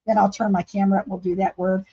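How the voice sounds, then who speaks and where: A woman with a mid-range, mellow, slightly rough voice talks rapid-fire with little pitch movement. She's hosting a casual craft livestream from home, chatting and laughing with viewers as she paints. The audio is dull, lo-fi livestream quality.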